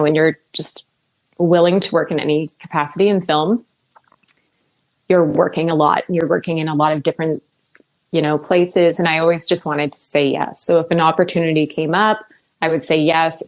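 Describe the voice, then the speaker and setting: A woman's voice: sits low, poor audio. A woman in her thirties, an actor and producer, talking in a casual, chatty interview with lots of fillers. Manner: chatty, upbeat, many fillers.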